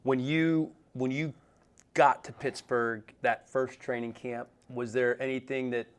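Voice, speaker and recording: A man's voice: mid-range voice, steady tone, unhurried. A man hosting a podcast interview, chatty and affirming, asking long winding questions.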